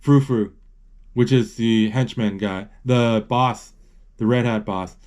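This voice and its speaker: A man casually retelling a film as he watches it, halting and searching for words, with excited exclamations. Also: medium pitch. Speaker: movie narrator.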